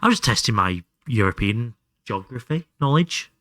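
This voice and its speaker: A man's voice: mid-range voice, animated, moderate pace, pushed and bright, no room sound, studio quality. A young man chatting casually and thinking aloud while streaming a game, swearing freely. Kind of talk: casual live gameplay commentary.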